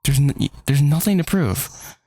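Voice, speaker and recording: A man reading a gentle, reassuring young woman. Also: on the high side, big pitch swings, measured pace, dry recording, pitched above the performer's own voice, full character voice. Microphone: desk microphone.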